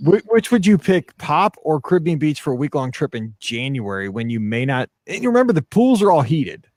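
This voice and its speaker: A man's voice: a little high, very animated, a little fast, a little mellow, dry recording, studio quality. A man hosting a casual podcast, chatty and laughing easily, reading listener questions aloud. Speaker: podcast host. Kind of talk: casual chat.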